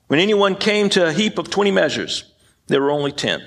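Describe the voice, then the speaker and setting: A man's voice: high voice, animated, fairly quick, fairly bright tone. A man preaching a sermon in an emphatic way, often repeating phrases and tripping over his words. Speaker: pastor.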